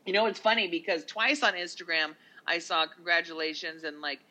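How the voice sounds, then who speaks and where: A man with a fairly high and very bright, forward voice co-hosts a casual podcast. He runs down a list of names, dropping quick offhand comments between them. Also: fairly even intonation, rough recording. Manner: reads down a list of nominees with quick asides. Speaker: podcast co-host.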